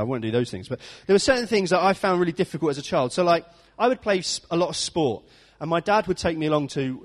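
A man preaching an informal sermon, chatty and self-deprecating, often laughing at his own stories. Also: a little high. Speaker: pastor. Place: church hall. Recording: echoey church hall.

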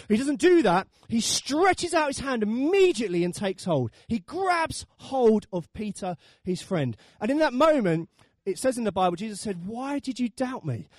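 A man's voice: high voice, big pitch swings, moderate pace, a little mellow, no echo, clean studio sound. A man preaching a sermon, telling the story with animation and acting out the voices.

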